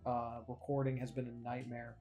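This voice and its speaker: A man's voice: mid-range voice, completely flat delivery, normal speed, dark tone, soft background music. Swearing, laughing podcast host man. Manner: swears a lot, laughs easily. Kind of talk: casual podcast chat.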